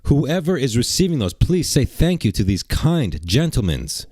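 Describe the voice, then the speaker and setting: A man streaming live, chatting brashly and excitably to his viewers and reading out gifts. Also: mid-range voice, moderate pace, no echo. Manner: brash, excitable, talks to chat. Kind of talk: casual livestream chat.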